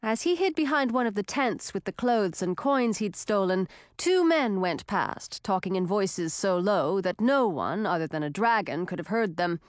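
A woman reading an audiobook in calm, scripted narration. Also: medium pitch, moderate pace, few pauses, no echo, studio quality.

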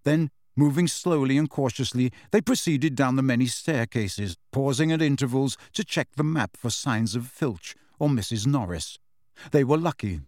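A man narrating a storybook at a middle pitch, steady and unhurried. He shifts his voice slightly for the characters. The recording is dry and close to the mic. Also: no room sound. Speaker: audiobook narrator. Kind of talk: scripted narration.

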